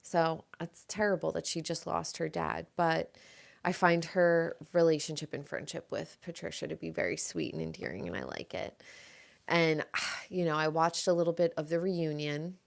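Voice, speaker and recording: A woman's voice: low voice, normal speed, gravelly. A woman hosting a live show, chatting casually and gossiping about reality TV, swearing now and then. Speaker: host.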